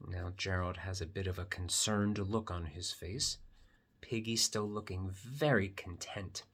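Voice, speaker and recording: A man reading a picture book aloud to children, gently explaining what is on each page. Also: low-pitched, a little slow. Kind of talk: read-aloud storytime for kids.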